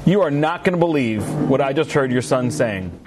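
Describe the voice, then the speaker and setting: A man's voice: mid-range voice, animated, moderate pace, noisy background, pitched below the performer's own voice, natural voice. A man voicing a loyal, longtime female executive assistant who reports urgently to her boss.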